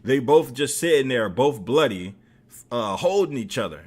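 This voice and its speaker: A man's voice: mid-range voice, moderate pace. A man streaming, telling a story in a casual, profane way with lots of fillers. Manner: animated, profane, many fillers.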